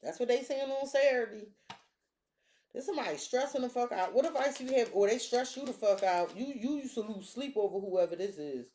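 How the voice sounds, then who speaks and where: A woman's voice: fairly high pitch, a little fast, a little hiss or hum. A woman giving a casual tarot reading, blunt, sassy and full of swearing, talking straight to the viewer and to her cards. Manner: blunt, profane, sassy and animated. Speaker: tarot reader.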